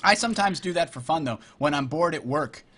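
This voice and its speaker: A man's voice: on the high side, expressive, brisk, fairly bright tone. A man co-hosting a casual podcast on a voice call, playful and laughing often. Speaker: podcast co-host. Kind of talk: casual chat. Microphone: computer mic on a voice call.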